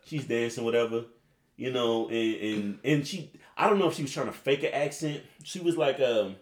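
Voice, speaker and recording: A man in his twenties, a podcast host, telling a long story in a rambling, profane, animated way. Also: medium pitch, moderate pace. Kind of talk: casual storytelling chat. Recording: roomy echo.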